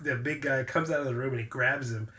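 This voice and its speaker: A man hosting a podcast in casual chat, animated as he retells scenes and laughs often. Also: mid-range voice, fast. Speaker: podcast host.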